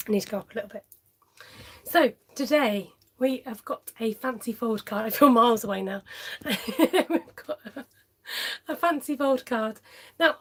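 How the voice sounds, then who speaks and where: Woman, craft live-streamer, breathy and a touch high, chatty and welcoming. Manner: friendly, chatty, greets viewers by name, laughs often. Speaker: papercraft demonstrator hosting a live stream.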